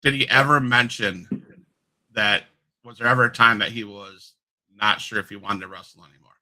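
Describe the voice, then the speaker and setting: A man's voice: fairly low pitch, normal speed, bright, forceful tone, low-quality recording. A man hosting a podcast interview, asking long rambling questions with many restarts. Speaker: podcast host. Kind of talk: interview conversation.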